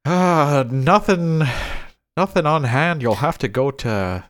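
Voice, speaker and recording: A man's voice: on the high side, expressive, takes it slowly, fairly bright tone. A man voicing a wary middle-aged male saloon keeper with a folksy Western drawl in a tabletop game.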